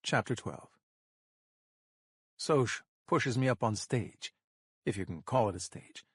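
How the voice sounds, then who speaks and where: Male narrator for a suspense audiobook; even, tense delivery, dry close recording. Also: on the low side, slow, husky, dry recording.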